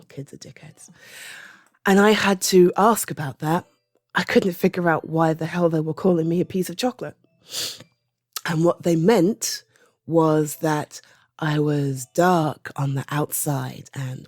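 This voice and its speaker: British woman, 30s, audio creator: low voice, unhurried, soft and halting, drops to whispers, dry close sound. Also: no echo. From Britain. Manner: soft-spoken, halting, often trailing into a whisper. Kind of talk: personal opinion monologue.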